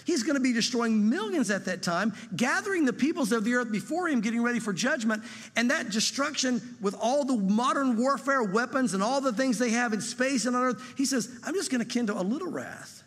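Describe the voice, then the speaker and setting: Preacher, male, emphatic sermon delivery, higher voice, big reverberant hall. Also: animated, a bit bright. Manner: emphatic, drops pitch and slows on key lines.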